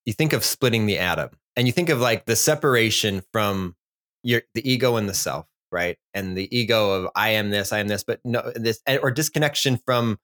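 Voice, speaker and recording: Forties male co-host, relaxed and reflective, talks through big ideas. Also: on the low side, moderate pace. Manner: reflective, musing on psychology and myth. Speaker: podcast co-host. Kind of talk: casual podcast chat.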